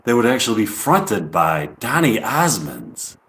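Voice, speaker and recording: A man's voice: fairly low pitch, big pitch swings, unhurried, fairly bright tone, echoey room. A man doing a rambling improvised comedy monologue on a live stream, full of restarts and casual swearing.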